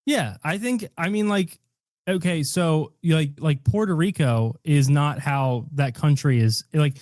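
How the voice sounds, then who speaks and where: A man's voice: on the high side, a little mellow, dry recording. Joking man on a dry podcast mic. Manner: joking, deliberately mispronounces names, many fillers. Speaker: podcast host. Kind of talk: casual chat.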